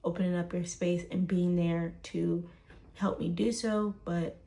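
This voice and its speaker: A woman's voice: fairly low pitch, steady tone, unhurried, gravelly, dark tone. A woman, casually telling a personal story full of fillers and "right?". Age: 20s.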